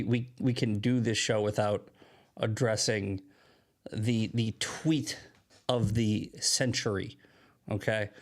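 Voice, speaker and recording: A man hosting a show, chatting casually and quickly with rambling asides. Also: medium pitch. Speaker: show host.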